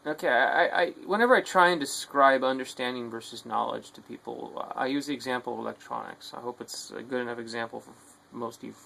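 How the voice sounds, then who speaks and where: A man ranting in a bitter, profane monologue, shifting from low muttering to angry shouting. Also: fairly quick, gravelly, slight background noise, low-quality recording. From United States. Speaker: video diarist.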